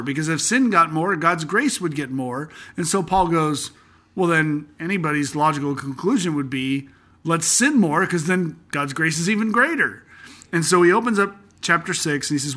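A young man with a bright, forceful voice set a little high, hosting a casual Bible-study podcast. He talks earnestly and conversationally, then slows down to read scripture aloud. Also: animated. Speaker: podcast host teaching through a Bible book.

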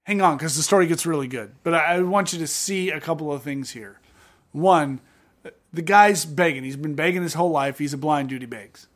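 A man co-hosting a podcast, reading scripture and retelling the stories with animated acted-out voices in a studio. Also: fairly high pitch, a little fast. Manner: animated storyteller acting out scenes. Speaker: podcast co-host. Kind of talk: casual Bible-reading podcast chat.

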